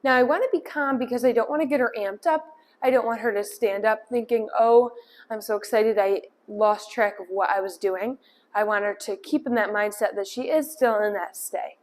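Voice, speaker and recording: Woman dog trainer explaining calmly. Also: a little high, moderate pace. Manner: calm explaining, firm short commands to a dog. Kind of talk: instructional demonstration.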